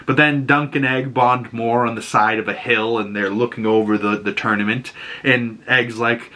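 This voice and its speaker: A young man hosting a casual, animated recap of a TV episode, laughing often and acting out the characters' lines. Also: on the low side, normal speed. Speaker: show host recapping a TV episode.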